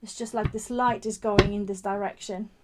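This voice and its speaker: A woman's voice: medium pitch, steady tone, normal speed, very noisy. A woman, the founder of a craft shop, giving a live craft demonstration. She chats as she works and gushes over the results. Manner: gushing, admiring her own work; chatty, thinking aloud as she works.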